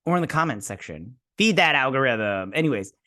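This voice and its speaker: A man's voice: medium pitch, sing-song, fairly quick, sharp tone. A man hosting a casual TV review, rambling through an episode recap with loose asides and fillers. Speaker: host of a TV review channel.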